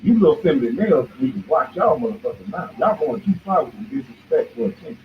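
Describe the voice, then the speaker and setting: A man's voice: fairly high pitch, sing-song, fast. A man hosting a show, delivering a heated, confrontational ranting monologue that keeps jabbing at his target as "boy". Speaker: show host. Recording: tinny phone-like line with faint noise.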